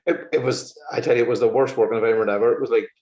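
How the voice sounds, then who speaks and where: His medium-pitched voice races as this musician, a guest on an interview, recounts exasperating episodes with laughter in a casual, lively exchange. The recording has a roomy, slightly muffled feel.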